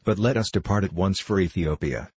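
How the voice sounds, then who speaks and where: A man's voice: low voice, fairly quick, slightly rough. A man voicing a lovesick young king who speaks in an anguished, pleading way.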